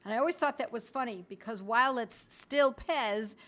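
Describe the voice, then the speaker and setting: A middle-aged woman teaching on a live stream in a chatty way, talking straight to her viewers and reading their comments aloud, with the odd cough and throat clearing. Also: on the high side, normal speed, fairly bright tone. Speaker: homeopathy educator hosting a live stream.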